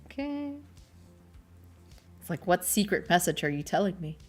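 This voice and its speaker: A young woman with a fairly low voice chats in a loose, rambling way, cracking jokes at her own expense. Soft music plays faintly behind her. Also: big pitch swings, moderate pace. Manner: rambling, chatty, self-deprecating. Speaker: streamer. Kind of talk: casual chat while crocheting.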